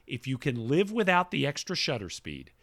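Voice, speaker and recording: Lively, bright-voiced man reading listener mail. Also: medium pitch, normal speed. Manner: reads emails aloud with asides, animated. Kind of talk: casual chat.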